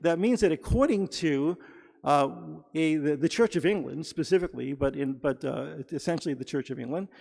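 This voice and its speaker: A man with a fairly high, gravelly voice gives a teaching sermon, explaining points patiently and stumbling over fillers and restarts as he goes. His voice rings with a long reverb in a synagogue sanctuary. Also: moderate pace, a little mellow. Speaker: rabbi or cantor.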